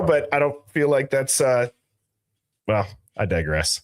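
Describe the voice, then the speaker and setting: A man with a medium-pitched, sing-song voice hosts a laid-back live stream at an unhurried pace. He greets viewers by reading their chat usernames aloud, adding loose, jokey asides.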